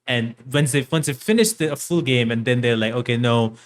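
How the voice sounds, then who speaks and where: A man hosting a podcast interview, halting and often repeating words as he thinks. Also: medium pitch. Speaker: podcast host. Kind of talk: casual interview chat.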